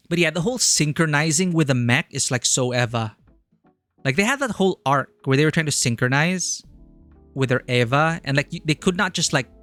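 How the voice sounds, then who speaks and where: A man's voice: medium pitch, bright, forceful tone, dry recording. A man streaming a video game, chatting casually and enthusiastically, rambling with lots of "like". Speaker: streamer, filmmaker. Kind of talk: casual live game commentary.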